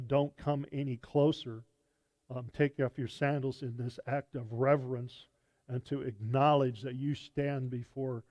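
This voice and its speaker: A male pastor teaching a sermon in a conversational way, pausing often with fillers and restarting phrases. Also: medium pitch, dark tone, no echo. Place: church sanctuary.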